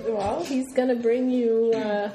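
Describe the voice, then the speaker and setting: A woman with a French accent, a native French speaker, chatting casually at home and pausing to search for words. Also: a little high, steady tone, very noisy. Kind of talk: casual family chat. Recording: echoey room.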